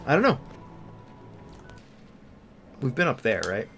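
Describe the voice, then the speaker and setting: Man co-hosting a let's play, casual, lively pitch, faint music under. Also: slow. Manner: animated, reads on-screen text aloud. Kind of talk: casual gameplay commentary.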